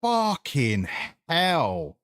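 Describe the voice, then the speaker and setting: A man's voice: fairly high pitch, wildly swooping pitch, very slow, fairly bright tone, smooth, no echo. A man streaming a driving game, talking sarcastically to the game and swearing freely as he plays. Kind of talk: casual gaming commentary.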